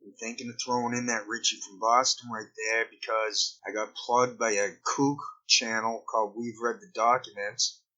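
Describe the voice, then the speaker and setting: A video blogger improvises a rambling commentary vlog, full of digressions and wry asides. His medium-pitched voice is bright and forceful, and the recording is muffled.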